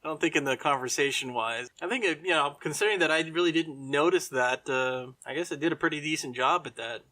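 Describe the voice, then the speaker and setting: Man, higher voice, bright tone, casual hesitant podcast talk. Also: brisk. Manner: hesitant, fillers, chuckling. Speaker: podcast co-host. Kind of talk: casual chat.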